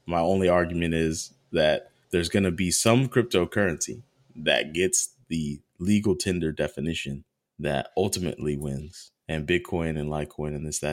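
Male podcast guest, very low voice, blunt opinions, casual swearing. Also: normal speed.

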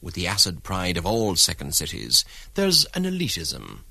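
A man's voice: low-pitched, huge pitch swings, normal speed, creaky, sharp tone, breathy edge, no echo. A man reading scripted documentary narration.

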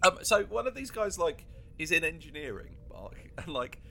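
An English man co-hosting a podcast, talking in a halting, animated way and laughing a lot. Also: a little high, creaky, soft background music. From England. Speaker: podcast co-host. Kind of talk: casual chat.

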